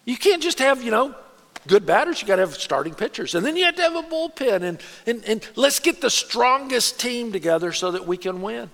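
Animated high-voiced male preacher. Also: a little fast. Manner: animated, conversational preaching with quoted asides. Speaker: pastor. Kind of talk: sermon. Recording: long hall reverb.

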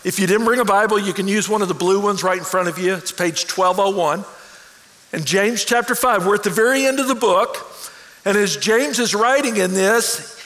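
A man's voice: high-pitched, fairly bright tone. A man preaching a sermon to his church with energy, often stumbling and restarting his words. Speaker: pastor. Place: large church auditorium. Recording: long hall reverb.

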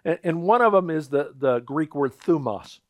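Pastor, male, high-pitched, casual preaching tone, dry close sound. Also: animated, normal speed, darkish tone, dry recording. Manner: conversational preaching, acts out quoted voices. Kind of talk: sermon.

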